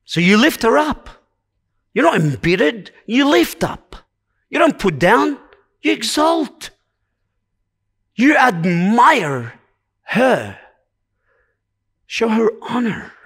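A high-pitched man delivering a sermon at an unhurried, deliberate pace. He preaches earnestly, stacking short repeated commands to press each point home. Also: very animated, a bit bright, slightly rough.

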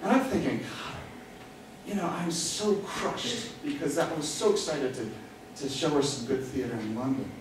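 American guy doing live storytelling, voice bounces all over, echoey theater mic from far off with noise. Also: on the high side. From United States. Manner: animated, self-mocking, acts out quotes. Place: theater stage.

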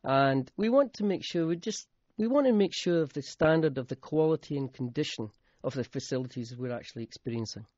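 A middle-aged Scottish man from the Highlands, a guest on a radio interview, talking in an easygoing, halting way with chuckles. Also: expressive, darkish tone, no echo. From Scotland, Highlands. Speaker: guest, accommodation ratings manager. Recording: dull dry radio studio sound.

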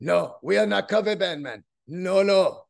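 A man voicing a proud male bandleader in an exaggerated, deliberately bad Caribbean accent, flatly refusing. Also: high voice, gravelly, heavily acted. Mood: stubborn refusal. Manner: stubborn, mock-indignant.

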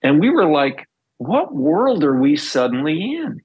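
Husky-voiced man telling stories. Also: fairly high pitch, a little slow, highs cut off. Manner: animated storyteller, acts out quoted dialogue. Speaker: interview guest, former band bassist. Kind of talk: casual storytelling interview.

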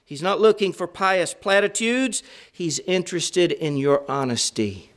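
A man's voice: high voice, animated, a little slow. A middle-aged man preaching a sermon in an earnest, conversational way, stressing points through repetition.

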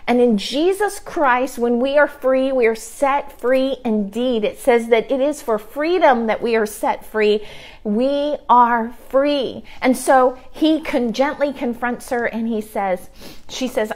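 A woman's voice: a little high, unhurried. A woman giving an earnest devotional talk over a livestream, repeating key phrases for emphasis. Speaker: ministry leader. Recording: livestream video.

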